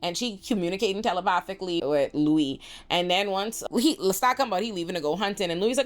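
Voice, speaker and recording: A woman in casual recap commentary, sassy and animated, telling the story and quoting the characters in mock voices. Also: mid-range voice, brisk, faint music behind. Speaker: pop culture commentator.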